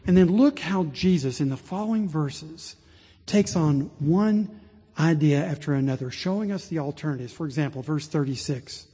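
A man preaching a sermon as pastor, rising to impassioned pleading and dropping low and slow. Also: dark tone, husky. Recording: long reverb of a large hall.

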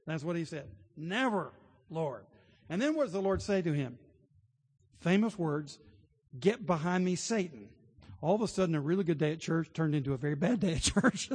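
A man's voice: on the high side, expressive, fast talker, darkish tone, slightly rough. A man preaching a sermon, telling stories earnestly and building to emphatic points. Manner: earnest storytelling, rising to emphatic. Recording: long hall reverb.

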